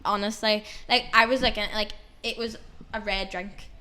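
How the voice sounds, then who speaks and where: Woman telling a story, bright voice, acts out the quotes, faint hiss behind. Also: medium pitch, moderate pace. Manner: animated, laughing, acts out quotes. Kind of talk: casual storytelling.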